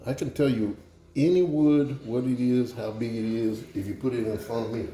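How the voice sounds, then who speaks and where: A man's voice: medium pitch, fairly even intonation, moderate pace, echoey room, background noise, voice pushed up, natural voice. A man voicing a blind Cajun man looking for work, drawling, sly and confident, with a Cajun accent.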